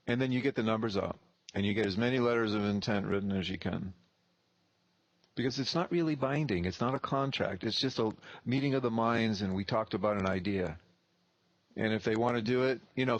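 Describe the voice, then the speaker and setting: A man's voice: on the low side, dry recording. A man in his thirties, a real estate investor telling a blunt, profane story and acting out both sides of the dialogue. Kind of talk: casual storytelling.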